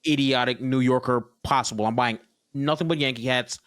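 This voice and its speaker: A man's voice: mid-range voice, fairly even intonation, brisk, fairly bright tone, smooth. A man co-hosting a podcast in casual chat, argumentative and profane. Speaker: podcast co-host.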